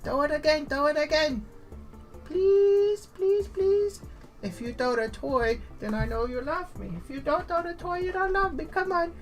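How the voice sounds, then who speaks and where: A man's voice: very high-pitched, measured pace, faint music behind, pitched above the performer's own voice. A man voicing a needy, dramatic female pet dog that whines, pleads and guilt-trips. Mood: pleading. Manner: whiny, pleading and guilt-tripping.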